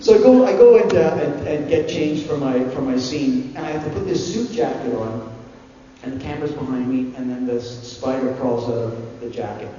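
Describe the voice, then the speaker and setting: A man who is a guest at a convention panel tells a comic anecdote on stage, animated and laughing, acting out what others said. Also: mid-range voice, normal speed, a crowd in the background. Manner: animated, laughing, acts out quotes. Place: large convention hall before an audience. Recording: echoey hall, distant mic, dull sound, audience noise.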